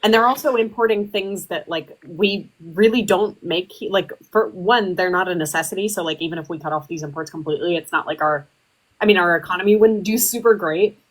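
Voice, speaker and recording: A woman with a fairly low voice hosts a live political chat. She rambles and fills her talk with ums and likes. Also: a little fast, poor audio. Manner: rambling with many fillers. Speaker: livestream host. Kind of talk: casual political debate.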